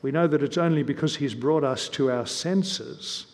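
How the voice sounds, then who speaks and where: A man preaching a sermon in a church, earnest and measured, often turning statements into rhetorical questions. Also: fairly high pitch, darkish tone, long reverb tail. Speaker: visiting preacher.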